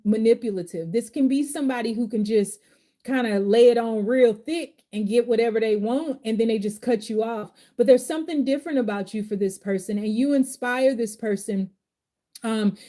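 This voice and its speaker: Woman tarot reader live, casual slangy and heartfelt; raised pitch, warm mellow tone. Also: moderate pace. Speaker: tarot reader and life coach.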